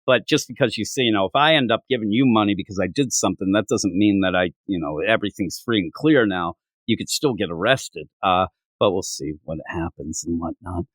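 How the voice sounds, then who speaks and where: A man co-hosting a comic book podcast in casual review chat, animated and prone to acting out dialogue. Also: deep voice, a little fast, hardly any pauses, no room sound. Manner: animated, acts out dialogue with loud outbursts. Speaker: podcast co-host.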